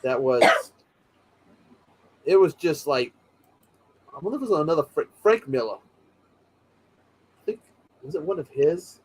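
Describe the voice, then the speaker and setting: A man's voice: on the high side, lively intonation, slow pace, pauses often, rough recording. A man hosting a casual watch-party chat, rambling enthusiastically with many restarts.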